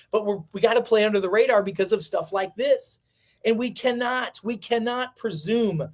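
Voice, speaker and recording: Fiery high-voiced man ranting on livestream. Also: husky. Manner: fiery, preachy, repeats lines for emphasis. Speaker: livestream host. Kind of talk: impassioned livestream monologue.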